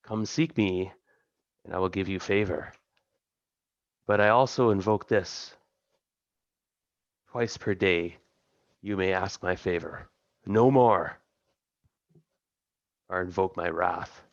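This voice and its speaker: A man voicing an ancient female patron goddess who speaks slowly and commandingly. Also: sits low, no room sound, dull audio. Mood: imperious. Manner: slow, measured, imperious speech.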